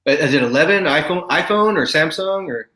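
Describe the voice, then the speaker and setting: A man co-hosting a casual livestream, asking halting questions full of fillers and cheerful swearing. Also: a little high, expressive, bright, forceful tone, roomy sound.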